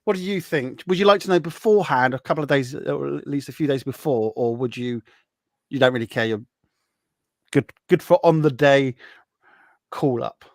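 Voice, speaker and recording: A co-host in casual studio chat, asking quick questions and speaking straight to the viewers. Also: mid-range voice, dry recording. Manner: lively, addresses the viewers directly.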